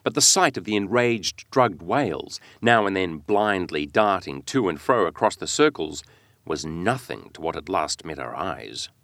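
A man narrating a classic novel in an expressive, dramatic reading that slows and speeds with the text. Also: sits low, dry recording, clean studio sound. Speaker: audiobook reader.

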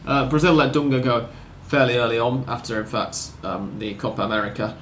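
A man's voice: mid-range voice, steady tone, a little fast, echoey room, a little hiss or hum. A man hosting a casual football podcast, talking in long rambling sentences with wry self-corrections. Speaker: podcast host.

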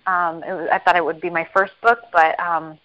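A woman's voice: fairly low pitch, level tone, moderate pace, highs cut off, a little hiss or hum. A woman hosting a group video call, speaking earnestly about faith with many fillers.

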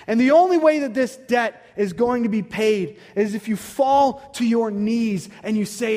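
A male pastor preaching a sermon with passion, repeating phrases and rising to shouts. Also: very high-pitched, measured pace, few pauses. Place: church sanctuary. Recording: long reverb of a large hall.

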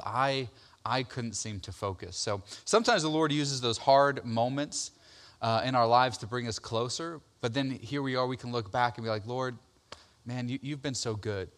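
A man in his thirties, a pastor, giving a conversational personal testimony sermon, full of fillers and repeated words, getting loud and excited as he retells his story. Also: mid-range voice.

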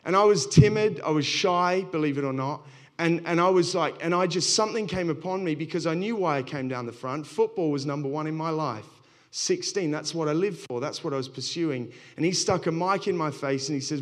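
Pastor preaching, candid and self-deprecating, bit high voiced. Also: male voice, moderate pace. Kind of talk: sermon.

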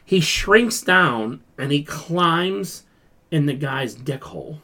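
Animated, swearing man reviewing shows. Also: a little high, slow pace. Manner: animated, acts out quoted lines, swears freely. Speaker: podcast host. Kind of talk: casual chat.

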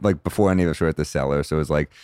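A man hosting a podcast, telling comedy-club stories in a casual, animated way and bursting into loud impressions of people. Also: rumbling low, rapid-fire, no room sound. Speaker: podcast host. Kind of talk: casual storytelling chat.

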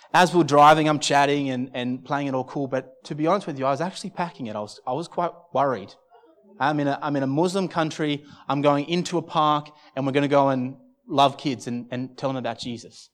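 A man preaching a sermon at a church service, telling a personal story in an earnest, halting way with many restarts. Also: a little high. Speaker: pastor.

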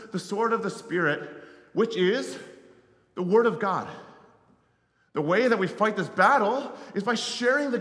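A man preaching in a raised, conversational voice that keeps tossing "right?" at the congregation. He drops to near whispers, then rises again. His voice rings through a roomy church hall with a long reverb tail. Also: high-pitched. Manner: conversational, tag questions, animated swings from loud to hushed. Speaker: missionary preacher. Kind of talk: sermon.

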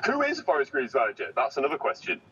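A man's voice: mid-range voice, huge pitch swings, fast, bright, forceful tone, breathy edge. A man co-hosting a casual podcast from a car, asking dry, mock-formal interview questions. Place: inside a moving car. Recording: dull, distant car recording.

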